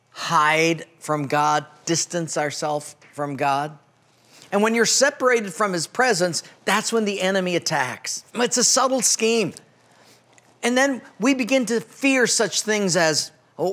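A man's voice: sits high, a bit bright. A man preaching as a pastor, telling a humorous story and acting out its characters in a folksy way. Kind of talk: sermon with storytelling.

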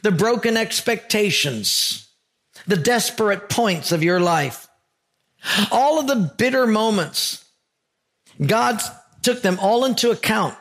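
A pastor preaching in a gravelly, slightly high voice. He is earnest and emphatic, leaning on stories and repetition to press his message. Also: expressive, slow pace, pauses often, a bit bright. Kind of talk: sermon.

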